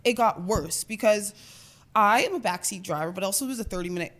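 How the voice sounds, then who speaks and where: A woman's voice: medium pitch, expressive, quick pace, a bit bright. Chatty young woman telling a story. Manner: chatty storytelling, swears often, says "like" a lot. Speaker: podcast co-host. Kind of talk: casual chat.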